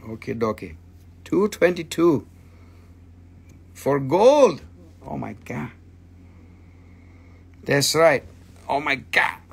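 Brief: male live-stream seller, slow and jokey, pitched a little high, teasing viewers. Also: big pitch swings, creaky, slightly rough. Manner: playful, joking with viewers, talks to himself. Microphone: phone.

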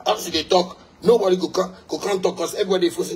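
A man's voice: high-pitched, fairly even intonation, fast talker, hardly any pauses, slightly rough. Ranting man with a Ghanaian Pidgin accent. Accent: Ghanaian English with Pidgin. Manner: heated, repetitive, insulting, loud bursts. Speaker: musician ranting. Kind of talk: angry rant.

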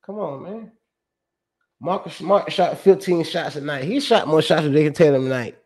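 A man's voice: fairly high pitch, normal speed, breathy edge. A man hosting his own sports show, talking casually and animatedly, reading out stats with slang, profanity and emphatic repeats.

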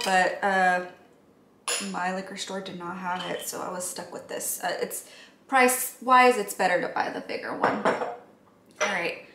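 A woman talks her viewers through mixing cocktails at home in a loose, chatty way, with plenty of ums and likes. Her voice sits at a middle pitch. The room rings with echo, and faint clinks of dishes and cutlery sound in the background. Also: noisy background. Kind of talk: casual how-to chat.

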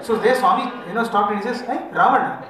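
Indian English male workshop leader, light humor, high voice, distant in a reverberant hall. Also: racing, background noise. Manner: explains with gentle humor, mixes in Hindi. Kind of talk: teaching talk with sung examples. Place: large echoey hall. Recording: echoey hall from far off, music behind.

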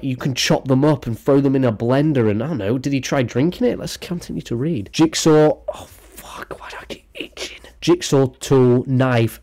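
Mellow-voiced young man rambling sarcastically. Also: mid-range voice. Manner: rambling, sarcastic, crude jokes. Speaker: youtuber commenting on a news story. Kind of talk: casual commentary reading a news article.

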